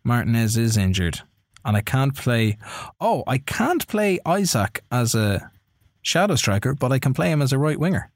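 A man's voice: medium pitch, moderate pace, no echo. Irish podcast co-host, young adult man, calls his game as it plays out, dry close mic. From Ireland. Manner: running commentary on his own game, excitable bursts. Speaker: podcast co-host playing a football management game. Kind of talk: casual live-play chat.

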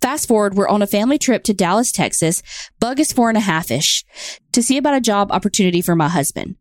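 A woman's voice: medium pitch, fast talker, dry recording, studio quality. Woman co-host reading a listener letter. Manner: reads letters aloud in a plain, steady way. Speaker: podcast co-host. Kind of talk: casual chat and reading listener stories.

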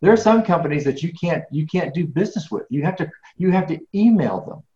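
A man's voice: fairly high pitch, fast talker. A middle-aged man answering interview questions in an earnest, rambling way, often repeating his words. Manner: earnest, rambling, repeats words, grows animated when ranting. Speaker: guest, business speaker. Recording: roomy, dull lo-fi sound.

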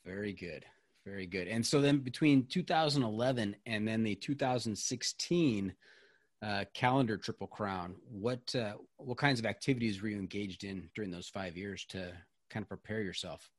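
Low-voiced man hosting a podcast. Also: moderate pace, no echo. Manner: curious, self-deprecating questioner. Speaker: podcast host. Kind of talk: podcast interview questions.

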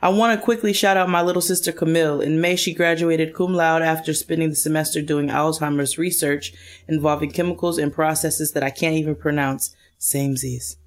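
A woman's voice: low voice, fairly even intonation, brisk. Playful woman co-hosting a podcast. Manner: playful, joking, laughs often. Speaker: podcast co-host. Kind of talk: casual chat, reading listener emails.

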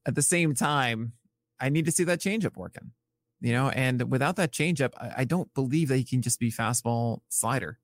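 A man co-hosting a casual podcast, rattling off pitching numbers in a loose, self-correcting way. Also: moderate pace. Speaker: podcast co-host. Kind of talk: casual podcast chat about pitching stats.

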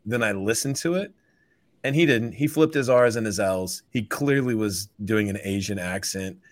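A man hosts a casual sports podcast in a fairly low voice. He thinks aloud and often stops to restart his sentences. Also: normal speed. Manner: rambling, stops and restarts to rethink. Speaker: podcast host.

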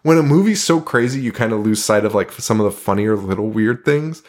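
A man's voice: fairly low pitch, lively intonation, a little fast, a little mellow. A man co-hosting a podcast in casual chat, laughing often and swearing as he retells scenes. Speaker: podcast co-host.

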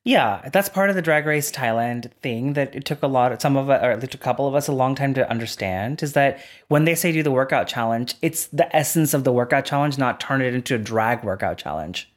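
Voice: mid-range voice, lively intonation, brisk, hardly any pauses. A drag queen and former contestant speaking as a podcast guest, candid and blunt and swearing freely as stories are told. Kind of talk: casual podcast chat.

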